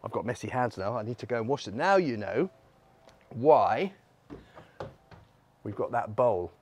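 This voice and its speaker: A man leading family worship as a vicar, telling a Bible story in an animated, playful way with props. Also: medium pitch, unhurried, a little hiss or hum. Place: church.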